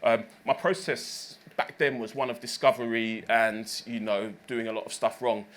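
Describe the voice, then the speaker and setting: A man's voice: medium pitch, fairly even intonation, moderate pace. A man in his thirties, a recording engineer, telling stories in an interview, rambling with many fillers and self-corrections. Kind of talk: reflective interview storytelling.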